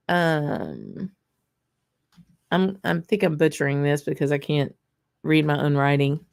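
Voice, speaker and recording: Woman, low voice, chatty livestream host, rambling, laughs often. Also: animated, takes it slowly, vocal fry, pauses often, darkish tone. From Louisiana, USA. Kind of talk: casual live tasting chat.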